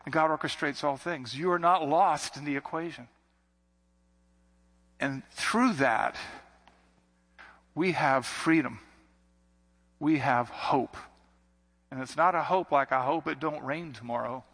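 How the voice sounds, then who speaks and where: A man's voice: on the high side, slow, pauses often, fairly bright tone. A man preaching a sermon in an earnest, conversational way, circling back to repeated phrases. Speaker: pastor. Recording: long hall reverb.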